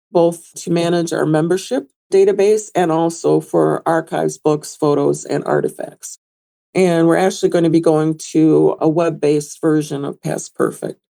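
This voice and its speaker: Low gravelly woman, museum director. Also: dark tone. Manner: conversational, explains at length with anecdotes. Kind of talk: podcast interview.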